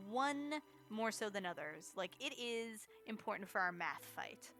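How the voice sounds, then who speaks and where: A woman's voice: fairly high pitch, moderate pace, few pauses, a bit bright, faint music behind. A woman streamer giving chatty, casual commentary as she plays a game for a charity marathon, reacting to chat and laughing often.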